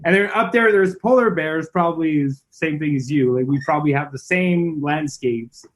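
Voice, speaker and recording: Laid-back Canadian man, halting chat. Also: a little high. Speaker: guest musician. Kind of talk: casual podcast chat.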